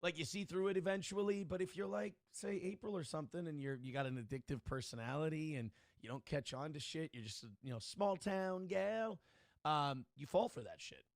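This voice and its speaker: A man's voice: fairly high pitch, a little fast, creaky, no echo, clean studio sound. A man hosting a livestream, talking casually and rambling, who often restarts his sentences and mimics other people mockingly. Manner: rambling, with frequent restarts and mocking quoted voices. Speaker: livestream host.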